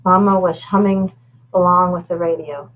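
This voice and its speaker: A woman's voice: lowish voice, steady tone, normal speed, lo-fi sound. A woman reading a children's novel aloud in an informal way, stumbling now and then and adding asides about her own slips. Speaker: reader.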